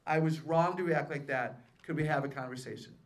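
Lively woman seminar speaker. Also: sits low, fairly quick. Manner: lively, quizzes the audience with questions; playful self-mocking humor. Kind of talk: live faith-based seminar talk to an audience.

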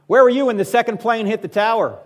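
Man in his fifties, fairly high voice, lively public speaker, joking, talks straight to the audience. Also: fast talker. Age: 50s. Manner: animated storyteller who acts out quoted voices; joking, addresses the audience directly. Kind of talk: humorous talk to a live audience.

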